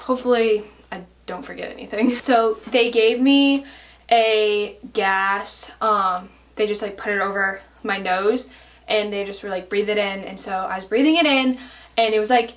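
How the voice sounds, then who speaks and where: A woman's voice: medium pitch, fairly bright tone, far from the mic. A young woman vlogger telling a personal story to camera in a chatty way, full of fillers and "like". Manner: chatty, fillers, many likes.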